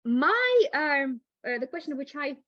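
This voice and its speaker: Woman teacher, webinar lecturer; chatty, fillers, high-pitched, dry close sound. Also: big pitch swings, measured pace, dry recording, lo-fi sound. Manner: chatty, laughs often, many "like" fillers. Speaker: English teacher.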